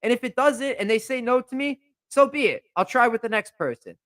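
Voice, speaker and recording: A man's voice: very high-pitched, animated, fairly quick, a bit bright, no echo. Fired-up young male podcast host. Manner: fired-up, indignant, repetitive. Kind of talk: heated podcast rant. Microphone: podcast microphone.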